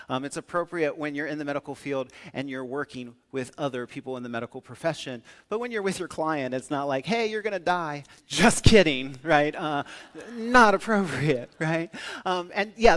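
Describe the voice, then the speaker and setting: A young man from the northern United States giving a humorous keynote talk, with a playful, energetic, jokey delivery. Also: mid-range voice. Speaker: conference speaker.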